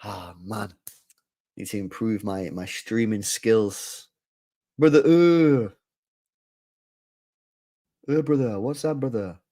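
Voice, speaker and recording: A young man live-streaming a football watchalong, excitable and loudly groaning at what he sees. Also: fairly low pitch, slow, long pauses. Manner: excitable, shouting groans of disgust.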